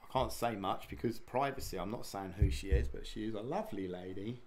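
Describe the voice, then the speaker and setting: A man's voice: fairly low pitch, a little fast, a little mellow, a little hiss or hum. Tired, rambling Englishman chatting on a livestream. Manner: rambling, chatty, talks to viewers by name. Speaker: livestream host. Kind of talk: casual livestream chat.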